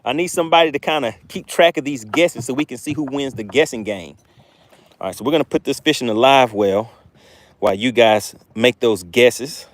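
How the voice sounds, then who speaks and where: An excitable man talks straight to his viewers during a live fishing stream from a boat on a windy lake, repeating phrases with eager energy. He speaks at medium pitch and normal speed.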